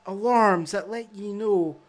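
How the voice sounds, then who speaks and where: A man playing a tabletop role-playing game, questioning another character in an animated, joking way. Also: high-pitched, a little slow.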